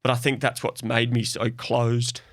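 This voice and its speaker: A man's voice: mid-range voice, monotone, moderate pace, no room sound, clean studio sound. A young Australian man speaking openly and reflectively as a guest in a podcast conversation. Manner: open, reflective, soft-spoken.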